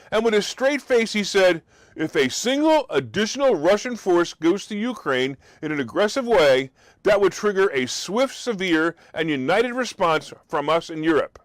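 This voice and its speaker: A man's voice: sits high, no room sound. A man hosting a talk show, delivering an opinionated monologue with sarcastic, mocking asides and incredulous questions.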